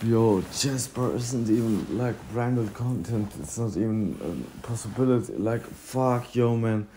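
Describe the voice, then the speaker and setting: Slow-talking profane young man. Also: on the low side, dark tone. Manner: profane, slangy and rambling. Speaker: vlogger. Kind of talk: casual rambling chat. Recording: echoey room with faint noise.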